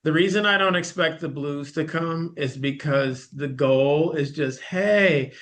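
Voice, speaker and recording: A man in his late forties chatting casually, telling stories with animated reenactments and bursts of laughter. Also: a little high, unhurried. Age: 40s. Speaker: podcast guest. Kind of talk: casual chat.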